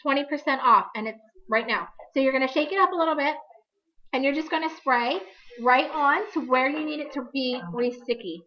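A woman hosts a live crafting demonstration in a high-pitched voice, talking fairly quickly, with the highs cut off in the recording. She's chatty and upbeat, correcting herself as she goes, and her voice sounds a bit worn, as if she's slightly losing it.

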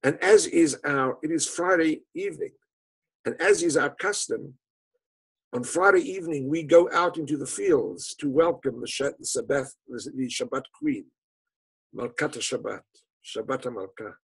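Male lecturer-storyteller, husky voice, dramatic and emphatic, average pitch. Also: measured pace, rough recording. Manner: dramatic, emphatic storytelling with falling, hushed phrase endings. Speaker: speaker telling a story to an audience.

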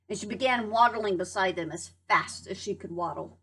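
A woman teacher reading a picture book aloud to young children, in a lively, expressive way. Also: mid-range voice, moderate pace, hardly any pauses, husky. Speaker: preschool teacher.

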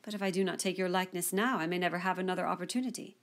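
A woman reading the lines of a spirited, sharp-witted young woman who speaks pointedly and articulately in an audiobook. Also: lowish voice, steady tone, racing, close to an everyday voice.

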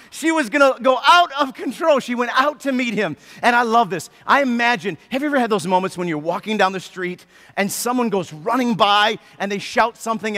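A man preaching a sermon as pastor, telling the story with animated, lively delivery and acting out the people in it. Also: very high-pitched, in a large hall. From United States. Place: church sanctuary.

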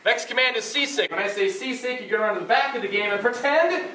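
A man explaining and leading a group game with playful, energetic commands in a large indoor hall. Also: very high voice, fast, a little hiss or hum. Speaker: youth game leader. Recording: echoey hall, mic at a distance.

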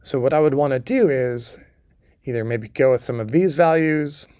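A man walking through a design software tutorial in a conversational way, often checking in with the listener. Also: medium pitch, normal speed, smooth, no room sound, studio quality. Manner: conversational, keeps checking in with "okay?" and "right?". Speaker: design instructor.

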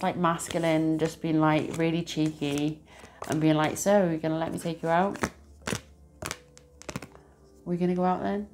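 A woman with a lowish voice talks her way through a casual tarot reading. She is chatty and rambling, and often breaks into laughter as she goes. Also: darkish tone. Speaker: tarot reader.

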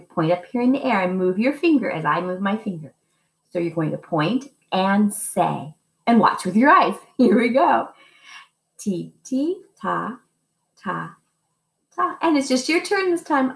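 A woman music teacher giving a lesson to young children, speaking slowly and patiently and chanting rhythm syllables. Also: mid-range voice, echoey room.

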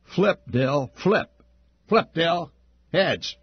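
A man's voice: sits low, wildly swooping pitch, slow pace, slightly rough, no echo, muffled recording, heavily acted. A man voicing a menacing, contemptuous schoolyard bully boy who snarls and barks insults. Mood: barking orders.

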